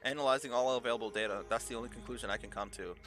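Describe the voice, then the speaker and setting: A man voicing a calm, analytical AI program, speaking in a measured, polite way. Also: mid-range voice, faint music behind, lightly acted.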